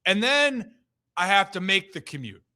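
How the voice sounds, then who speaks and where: A young man with a high, bright voice holds forth on a casual sports talk show. He rants in an animated way and tells a story as he goes. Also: normal speed. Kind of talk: casual chat.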